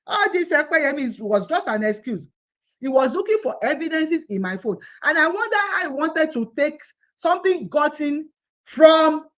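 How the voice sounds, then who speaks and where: A woman's voice: high voice, a bit bright. A Nigerian woman pleading and protesting in an impassioned monologue, firing off rhetorical questions. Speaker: activist vlogger. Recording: dull lo-fi phone audio.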